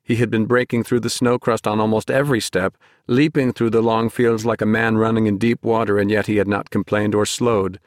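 A man narrating an audiobook in a measured storytelling manner, close to the microphone. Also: on the low side, little pitch movement, no room sound. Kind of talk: scripted narration.

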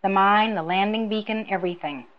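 A woman's voice: medium pitch, fairly quick, lightly acted. A woman doing a sly, smug old woman. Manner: mocking, knowing, sly. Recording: dull lo-fi recording.

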